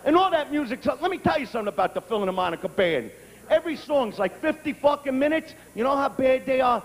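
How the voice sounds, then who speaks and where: A man doing a profane live stand-up routine, brash and crude, breaking into shouts. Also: extremely high pitch, animated, fairly quick, a little hiss or hum. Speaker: stand-up comedian. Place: stage before a live audience. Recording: reverberant live venue with crowd.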